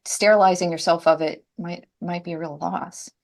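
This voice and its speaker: A woman co-hosting a podcast, speaking earnestly and reflectively in measured phrases. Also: on the low side, fairly even intonation. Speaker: co-host, language teacher. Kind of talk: conversational podcast discussion.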